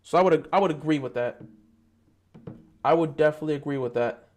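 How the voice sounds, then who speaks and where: A man's voice: fairly high pitch, brisk, a little mellow. A man hosting a live-stream football talk show, greeting viewers and arguing his points animatedly.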